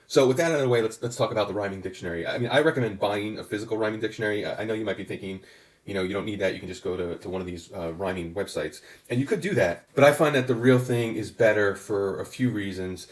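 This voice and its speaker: A man's voice: fairly low pitch, fast talker, echoey room. A man giving a patient, methodical songwriting lesson, with frequent fillers and restarts. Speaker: songwriting instructor. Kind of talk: explanatory lesson.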